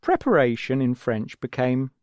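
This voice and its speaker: A man with an English accent patiently guiding children through a recorded language lesson, explaining step by step in a gentle way. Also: medium pitch, huge pitch swings, moderate pace, no echo, muffled recording. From England. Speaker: language teacher. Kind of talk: scripted audio lesson for children.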